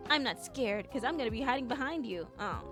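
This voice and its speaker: A woman's voice: fairly high pitch, animated, fairly quick, over music. A woman streaming live who chats with her viewers in a playful, teasing, giggly way. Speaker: vtuber streamer. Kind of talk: casual live-stream chat.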